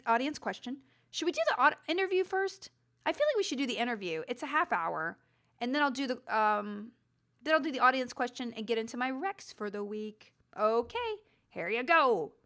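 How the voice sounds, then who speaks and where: A woman with a high voice hosts a podcast, telling a long story in a casual, animated way. She talks herself in circles, restarts her sentences and pokes fun at herself. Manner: animated, self-deprecating, rambling with restarts. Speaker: podcast host.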